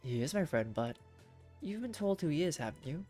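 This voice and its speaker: A woman voicing a calm, gentle teenage boy who speaks quietly and steadily. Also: a little fast, soft background music. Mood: firm. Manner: quiet, steady, low-key.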